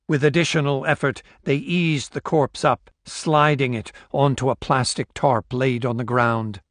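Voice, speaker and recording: This man narrates a novel from a script, keeping his storytelling voice steady and measured. He speaks at a medium pitch, and the recording is dry with a clean studio sound.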